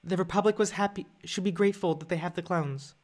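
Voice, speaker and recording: A man's voice: high voice, fairly even intonation, fast talker, pitched above the performer's own voice, lightly acted. A man on a live stream doing an impression of a young female Jedi warrior, bold and defiant, leaning hard on the s sounds. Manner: crisp, with heavy stress on the s sounds.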